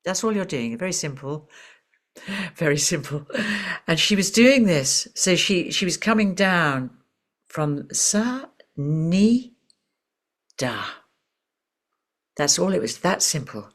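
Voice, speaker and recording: A woman voice teacher and author, soft and unhurried, telling a story in conversation and now and then singing syllables. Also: on the low side, animated.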